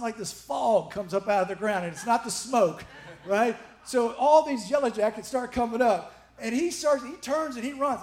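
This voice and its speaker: Guy pastor with a high voice telling a goofy story to the church, laughing a lot, roomy echo. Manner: animated, laughing storyteller addressing a congregation. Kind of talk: storytelling sermon.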